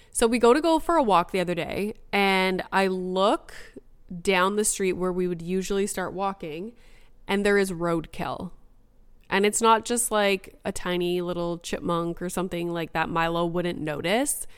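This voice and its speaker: Woman host, 30s, solo storytelling podcast; chatty, animated, smooth clear tone. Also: mid-range voice. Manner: chatty and animated, acts out quoted dialogue with frequent "like".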